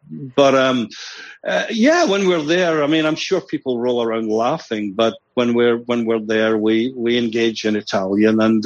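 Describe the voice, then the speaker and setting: A man's voice: medium pitch, lo-fi sound. An older man with a Glaswegian accent, a musician guest telling rambling, self-deprecating stories with frequent chuckles. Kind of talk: casual interview talk.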